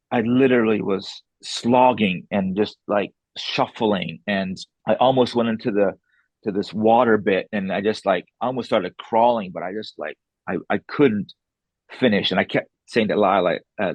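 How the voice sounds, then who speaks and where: Guesting on a podcast, this author spins a casual yarn, animatedly voicing the people involved and not shying away from salty, blunt wording. He has a fairly low voice, speaks at an ordinary speed, and the recording carries no room sound.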